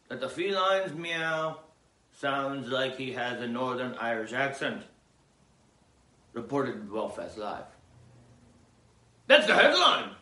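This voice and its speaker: Rambling comedic man in an echoey room. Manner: erratic, swinging from loud outbursts to low mumbled asides. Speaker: comedic news host. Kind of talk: rambling comedic news riff.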